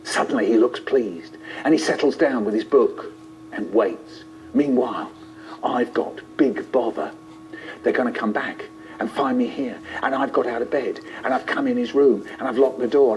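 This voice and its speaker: A man telling a childhood story in a playful, expressive way. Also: mid-range voice, moderate pace. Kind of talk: animated storytelling. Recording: lo-fi, muffled.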